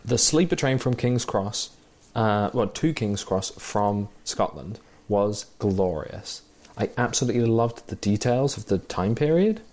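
A man's voice: fairly low pitch, expressive, unhurried, a little mellow. A man chatting casually and enthusiastically about the small details he loved in a film. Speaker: podcast co-host.

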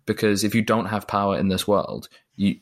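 A man's voice: fairly low pitch, a little fast. A man discussing a film in a thoughtful, hesitant way, often repeating words as he talks.

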